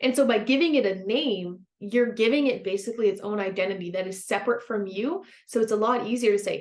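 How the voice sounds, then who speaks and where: Woman podcast host, mid pitch, gentle and encouraging, in a roomy, echoey space. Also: a little fast, few pauses. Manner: gentle, encouraging, laughs easily. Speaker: podcast host and former counselor. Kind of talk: self-help podcast monologue. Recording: roomy echo.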